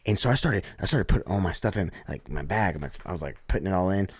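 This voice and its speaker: An Oklahoma man appears as a podcast guest, telling a casual story in a deep, low voice that's relaxed and animated, with a fast, breathy edge. He often restarts sentences and slips into the voices of people he quotes. The audio is close and dry, with no room echo.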